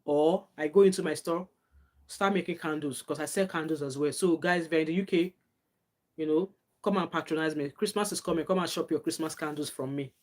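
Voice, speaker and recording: A woman's voice: low-pitched, a little fast, darkish tone. A middle-aged woman with a Nigerian accent, chatting casually on a live stream, answering viewer comments and giving earnest advice. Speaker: live-stream host, nurse.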